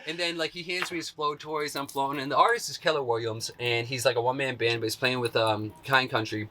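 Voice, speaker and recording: Laid-back man, bright tense tone. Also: mid-range voice, quick pace, a little hiss or hum. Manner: animated, acts out quotes in a raised voice. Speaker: interview guest. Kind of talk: casual storytelling.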